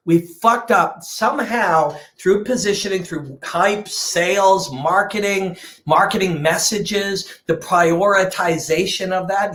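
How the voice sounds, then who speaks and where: A man's voice: high voice, fairly bright tone, roomy sound. A man giving a passionate, emphatic unscripted rant as a combat sports host, swearing freely.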